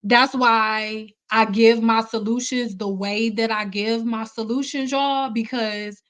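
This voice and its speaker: A woman's voice: a little high, steady tone, slow, fairly bright tone. A woman hair stylist hosting a livestream, telling candid stories in a casual, emphatic way. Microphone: computer mic on a livestream.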